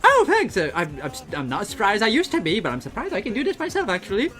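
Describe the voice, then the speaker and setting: A man's voice: high-pitched, huge pitch swings, quick pace, bright, forceful tone, soft background music, exaggerated voice. A man doing a chirpy older woman. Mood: cheerful. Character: spry older woman, cheerful and chatty.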